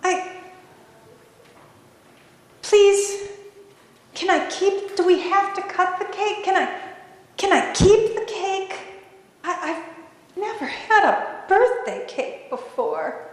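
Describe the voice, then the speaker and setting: Woman putting on a timid woman near forty, high lilting voice, hesitant, echoey hall. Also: sing-song, unhurried, a bit bright, full character voice. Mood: pleading. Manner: hesitant, pleading. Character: shy, gentle woman turning thirty-nine.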